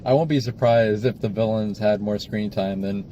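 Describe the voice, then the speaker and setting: A man's voice: on the low side, steady tone, moderate pace, warm tone, muffled recording, a little hiss or hum. A man co-hosting a casual film review, steadily critical, with many "like" fillers.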